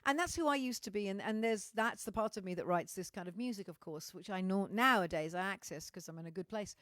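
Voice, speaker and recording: A middle-aged Welsh woman talks straight to her livestream viewers in a candid, rambling way, with a mid-pitched voice. She swears now and then and often restarts her sentences. The sound is dry and close, with no room echo. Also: expressive, quick pace, a bit bright. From Wales. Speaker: musician hosting a livestream. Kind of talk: casual chat to live viewers.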